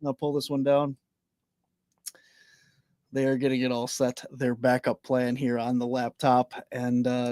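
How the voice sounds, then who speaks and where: A man's voice: mid-range voice, a little mellow, a little hiss or hum. A man hosting a live online paranormal talk show, easygoing and jokey, with frequent fillers. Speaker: podcast host.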